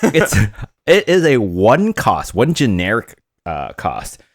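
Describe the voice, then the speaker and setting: A man co-hosting a casual card-game podcast, talking hesitantly with fillers and quick giggles. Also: medium pitch, wildly swooping pitch, dry recording, studio quality. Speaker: podcast co-host.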